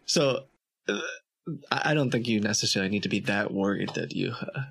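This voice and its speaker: A man guesting on a casual podcast, explaining things in a measured way with frequent pauses. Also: fairly low pitch, vocal fry, a crowd in the background.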